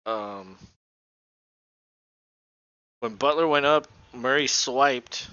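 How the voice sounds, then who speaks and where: A man calls a basketball game live in a casual, offhand way and swears freely. His voice is bright and close. The recording is dry and dull, typical of a lo-fi home mic. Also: medium pitch, no echo. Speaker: podcast co-host. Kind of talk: casual live play-by-play commentary.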